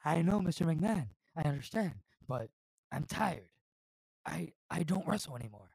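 A man's voice: a little high, normal speed, vocal fry, husky, no room sound, exaggerated voice, poor audio. A man doing an impression of a tired, reluctant male wrestler turned executive. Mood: weary. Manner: tired, reluctant, flat-toned.

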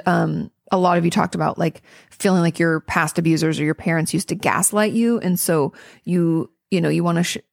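A woman's voice: lowish voice, vocal fry, no echo, clean studio sound. A woman therapist answering listener questions in a casual, earnest, encouraging way, with frequent ums and restarts. She sounds tired. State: tired and yawning. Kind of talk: casual advice monologue.

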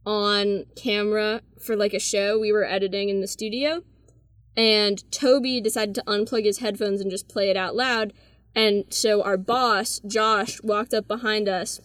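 A woman's voice: medium pitch, fairly even intonation, a little slow, a bit bright, no echo. A laid-back young woman tells embarrassing stories in a loose, easy way. She is recorded close to the mic in a dry room. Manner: laid-back, says "bro" and "like" a lot. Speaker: interviewee. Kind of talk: casual storytelling.

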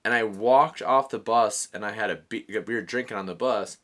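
Man, 30s, casual storyteller, lowish pitch, bright forceful tone, laughs a lot. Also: moderate pace. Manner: laughing, animated, swears often.

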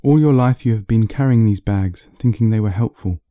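A man voicing an unseen voice from nowhere that asks calm, probing questions. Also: fairly low pitch, normal speed, dry recording, studio quality, close to an everyday voice.

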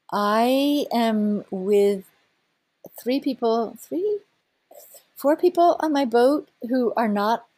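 A middle-aged woman tells a story with real excitement, breaking into laughter and playful quoted voices. Her voice sits a little high, and the sound is dry and close. She talks as a seasoned whale researcher. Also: no echo. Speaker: whale researcher and boat operator. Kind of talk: animated storytelling in a conversation.

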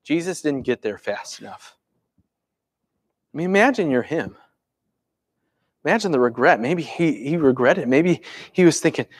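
A male pastor delivers a sermon in a relaxed, talky way. His voice sits a little high for a man. He moves from excited, pressing lines to quiet, gentle ones. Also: moderate pace. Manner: animated, swings from urgent to hushed and calm. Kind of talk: conversational sermon.

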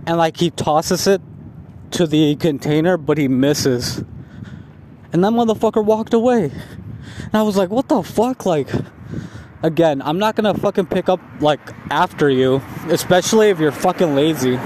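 A man's voice: a little high, moderate pace, a little mellow, a little hiss or hum. A man in a casual vlog, ranting about lazy coworkers with heavy swearing and frustrated storytelling. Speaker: vlogger.

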